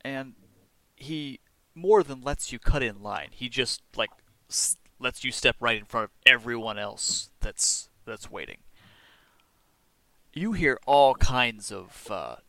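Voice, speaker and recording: A man narrating as game master of a tabletop role-playing game, chatty and quick to laugh. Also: mid-range voice, lively intonation, sharp tone, no echo.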